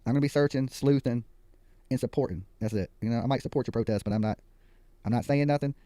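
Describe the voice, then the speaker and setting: A man's voice: mid-range voice, quick pace, warm tone, dry recording. A man hosting a livestream in casual chat, joking, laughing often and swearing freely. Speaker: livestream host.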